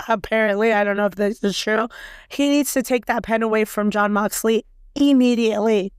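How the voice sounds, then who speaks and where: Raspy, profane woman ranting on a podcast. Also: fairly high pitch, dry recording, clean studio sound. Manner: blunt, profane, heated. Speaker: podcast host. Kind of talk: casual solo wrestling podcast rant.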